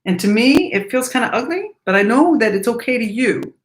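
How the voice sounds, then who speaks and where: A woman giving a breathing lesson, speaking gently and reflectively and singing lines of a song between her remarks. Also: a little high, animated, brisk, roomy sound, low-quality recording. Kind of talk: breathing lesson with sung demonstration.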